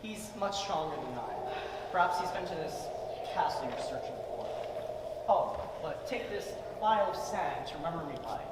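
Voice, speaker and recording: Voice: mid-range voice, expressive, normal speed, natural voice. An actor playing a boastful, fiery male wind spirit of the east in a stage play, with a grand, bragging manner. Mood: hurried. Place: school theater stage. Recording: distant, echoey theater hall, noisy.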